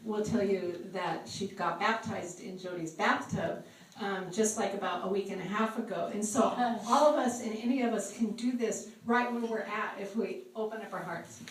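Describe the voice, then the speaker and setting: A woman sharing a live church testimony with a group, talking haltingly with frequent ums. She is recorded on a phone from across the room. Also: mid-range voice. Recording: echoey room, distant phone mic.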